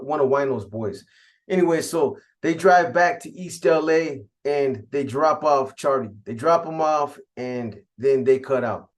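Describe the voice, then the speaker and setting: A man casually recounting a prison gang story in profane street slang. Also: mid-range voice.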